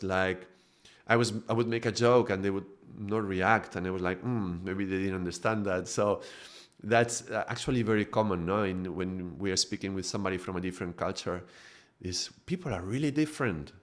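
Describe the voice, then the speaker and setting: A middle-aged man with a strong Spanish accent, a native Spanish speaker from Spain, hosts a casual live talk as a spiritual teacher. His voice sits fairly low, and he speaks in quick, animated bursts, chuckling often and restarting his sentences as he goes. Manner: quick, animated storytelling with frequent laughs and restarts.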